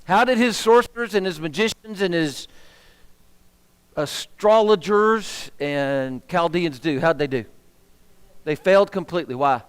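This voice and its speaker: Unhurried and smooth, a high-pitched male minister teaches Bible class in a church hall, where a long echo trails his words. He's animated, asking the room questions and working himself up as he talks.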